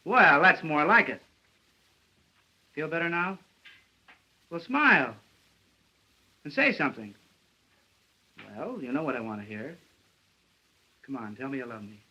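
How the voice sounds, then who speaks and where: An actor playing a brash, wisecracking young male newspaper reporter in a 1930s film, talking fast and cocky. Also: fairly high pitch, very animated, sharp tone, highs cut off, full character voice. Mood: coaxing.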